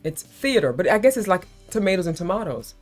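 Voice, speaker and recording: Chatty female stream host, neutral American accent, lively and expressive delivery. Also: fairly low pitch, quick pace, soft background music. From South Florida, USA. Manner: chatty, laughing, calls people baby. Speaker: livestream host. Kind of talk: casual live-stream chat.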